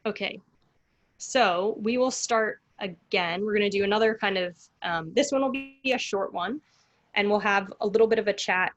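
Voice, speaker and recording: A woman leading a virtual breathing workshop over a video call, giving calm instructions and counting breaths slowly. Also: medium pitch, dull audio. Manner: calm, slow counting with pauses.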